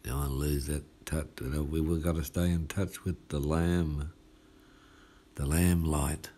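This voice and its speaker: A man's voice: extremely low pitch, flat delivery, unhurried, warm tone. A male pastor with an Australian accent, giving a casual midweek sermon in a folksy, chatty way and often asking "hey?". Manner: folksy and chatty, asks "hey?" often, laughs at his own lines.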